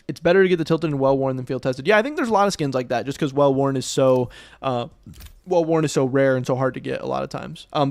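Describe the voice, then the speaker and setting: A man's voice: a little high, creaky, no room sound. A young man streaming live, chatting casually and thinking aloud as he goes, often correcting himself.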